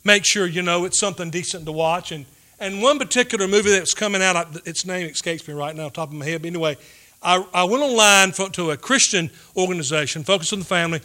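A pastor delivers a sermon in a high, bright, forceful voice. He alternates between loud emphasis and quiet, hushed asides.

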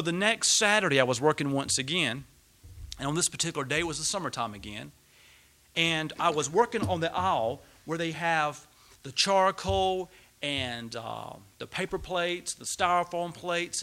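A man's voice: on the high side, pushed and bright. A middle-aged man preaching a sermon, telling a personal story and building to emphatic peaks.

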